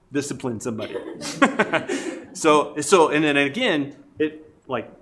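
A man's voice: mid-range voice, fairly bright tone. Chatty middle-aged man telling family stories. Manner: chatty, self-deprecating, laughs often. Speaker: guest speaker. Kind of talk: casual storytelling about family life.

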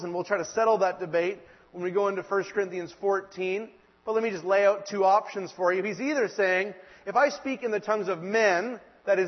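A male preacher giving an earnest sermon, slowing down and pressing hard when he quotes scripture. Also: high voice. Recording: dull lo-fi sound in a reverberant hall.

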